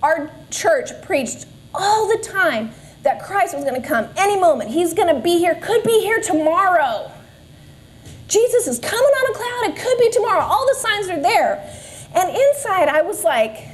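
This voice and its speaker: Female, 40s, high pitch; earnest personal testimony at Sunday school, faint background noise. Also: very animated, normal speed. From Southern California. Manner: earnest storytelling with self-deprecating asides. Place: church classroom.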